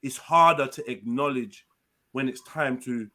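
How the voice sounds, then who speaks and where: A man's voice: medium pitch, unhurried, bright, forceful tone. A man on a call-in panel, pushing his point emphatically. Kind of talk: casual group chat.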